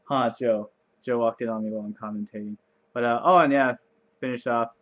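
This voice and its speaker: A man giving casual gameplay commentary, rambling and chatty with lots of fillers, playfully sarcastic and easily excited. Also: mid-range voice, fast talker, phone-quality sound. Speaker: let's play commentator.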